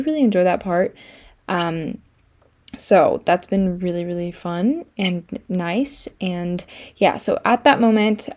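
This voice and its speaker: A woman's voice: on the low side, darkish tone. Gushing young woman book vlogger. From France. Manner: chatty, gushing, many fillers and repeats. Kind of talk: casual vlog talk.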